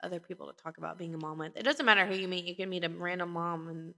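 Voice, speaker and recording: A woman's voice: fairly low pitch, steady tone, rapid-fire, creaky, pushed and bright. A woman co-hosting a podcast, chatting casually and retelling stories with lots of fillers and restarts. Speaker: podcast co-host. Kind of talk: casual chat.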